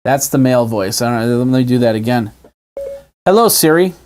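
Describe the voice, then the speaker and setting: A man's voice: medium pitch, level tone, quick pace, mellow, a little hiss or hum. A man hosting a casual tech video, chatting his way through a tablet demo indoors. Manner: chatty, demonstrating on screen as he talks. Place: indoors at a desk with a TV and monitor.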